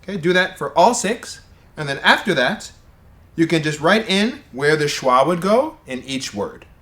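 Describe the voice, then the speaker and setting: Lively male pronunciation teacher, roomy sound. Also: fairly high pitch, moderate pace. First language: English. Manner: clear, exaggerated word demonstrations. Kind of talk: pronunciation lesson.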